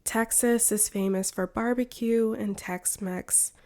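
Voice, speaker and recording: A woman from the United States, an English teacher reading a shadowing lesson in slow, carefully separated phrases. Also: fairly high pitch, fairly even intonation, mellow. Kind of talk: slow shadowing practice narration.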